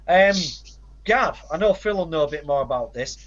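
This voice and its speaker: A man's voice: on the high side, animated, moderate pace, highs cut off. A man co-hosting a casual podcast, rattling off facts and titles with dry asides. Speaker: podcast co-host.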